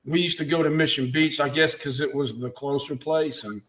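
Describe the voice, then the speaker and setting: A man's voice: on the high side, fairly even intonation, normal speed, fairly bright tone. Laid-back man in casual chat.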